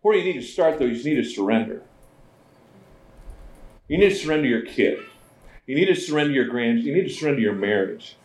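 A man preaching a sermon as pastor, in a conversational, animated way, often slipping into voices. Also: mid-range voice, a little fast, pauses often. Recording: roomy echo.

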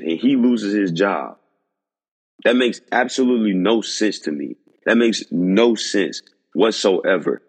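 Husky low male podcast host, emphatic and disbelieving, repeating himself. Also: big-room sound. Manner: incredulous, repetitive, emphatic. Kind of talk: sports podcast rant.

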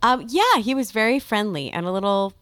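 Woman podcast co-host, smooth clear voice, close dry sound, chatty. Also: mid-range voice, sing-song, brisk, fairly bright tone, dry recording. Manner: chatty, upbeat, reads out trivia. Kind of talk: casual podcast chat.

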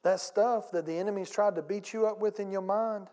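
A man preaches from the pulpit with a notably high-pitched voice, pushing hard on key lines and having the congregation repeat phrases back to him. His voice trails into a long reverberant tail that fills the church sanctuary. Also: fairly even intonation, a little fast, mellow. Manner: emphatic preaching with audience call-and-response and acted-out anecdotes. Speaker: pastor. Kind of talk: sermon.

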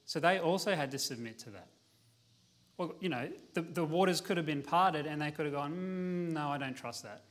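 A man preaching an evening sermon in a relaxed, conversational way, reading scripture aloud. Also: mid-range voice.

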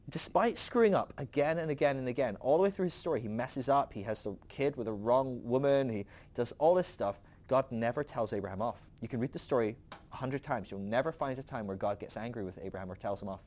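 A man's voice: medium pitch, lively intonation, quick pace, darkish tone. A man hosting a podcast who teaches from the Bible in a casual storytelling way, laughing often.

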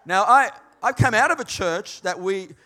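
A man preaching a sermon in a conversational, emphatic way, swinging between quiet and loud. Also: high voice, expressive, normal speed. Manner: conversational, emphatic, varied dynamics.

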